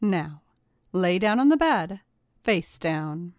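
A woman's voice: fairly low pitch, big pitch swings, darkish tone, no room sound, studio quality. A woman doing a smug, domineering woman. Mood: taunting. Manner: smug, commanding, drawn-out purring delivery. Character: domineering taunting adult woman.

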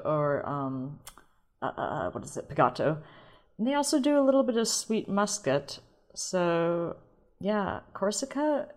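A woman's voice: deep voice, darkish tone. A woman from St. Louis hosting a podcast on her own, talking in a casual, playful way with self-mocking asides. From St. Louis, USA. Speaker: wine podcast host. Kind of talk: casual solo podcast monologue.

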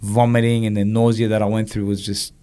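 A man recounts a personal story as an interview guest. His voice sits a little low, and he brings his story to life by acting out what people said. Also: fairly quick, clear, resonant tone. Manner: animated storyteller, acts out quoted dialogue. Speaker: guest, former boxer.

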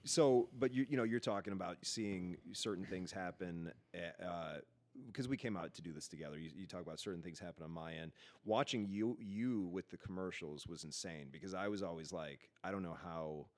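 A man's voice: deep voice, brisk, a little mellow. A man co-hosting a podcast, reminiscing in casual chat and often repeating words and restarting sentences. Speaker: podcast co-host, actor.

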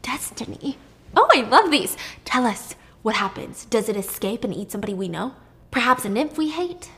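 A woman's voice: a little high, animated, moderate pace, a bit bright. Woman voicing a taunting, scheming queen. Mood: gleeful. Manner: condescending and taunting.

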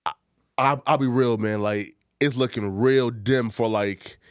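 A man hosting a casual chat, animated and full of filler words. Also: medium pitch, a little slow, no room sound, studio quality. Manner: animated, lots of filler words, playful put-on accents. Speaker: podcast host.

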